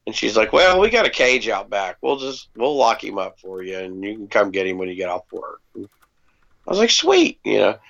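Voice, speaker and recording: An adult parent co-hosting a podcast casually tells a long personal story, laid-back, with plenty of ums and freely dropped swear words. His fairly low, creaky, fairly bright voice moves fairly quickly, and the audio is dull and lo-fi.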